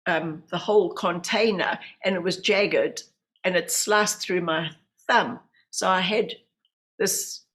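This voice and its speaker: A woman in her fifties with a New Zealand accent, a podcast guest telling personal stories and acting out the voices of people she quotes. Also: medium pitch. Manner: animated storyteller, acts out quoted voices. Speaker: guest, medium and hypnotherapist. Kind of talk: storytelling in a podcast interview.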